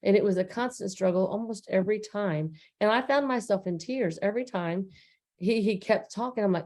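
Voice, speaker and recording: A woman's voice: mid-range voice, fairly quick, darkish tone. A woman co-hosting a casual recap chat, talking earnestly and loosely with plenty of fillers. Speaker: co-host.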